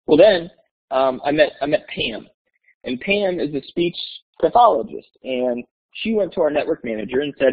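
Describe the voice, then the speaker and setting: A man's voice: mid-range voice, moderate pace. A man presenting at a webinar, telling a classroom story and acting out the quoted dialogue. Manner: animated, acts out quoted dialogue. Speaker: guest presenter. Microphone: webinar audio. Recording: tinny phone-like line.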